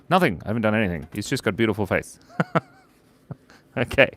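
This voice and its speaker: A man's voice: lowish voice, big pitch swings, a little fast, long pauses, fairly bright tone, dry recording. A man hosting a casual live drawing stream, giggly and playful, telling silly jokes while he draws at his desk at home. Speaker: art stream host.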